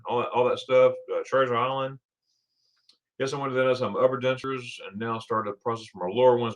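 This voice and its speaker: A man's voice: mid-range voice, fairly bright tone. A middle-aged man from Florida hosting a casual livestream, chatting with viewers and reading their comments aloud, laughing often. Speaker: livestream host.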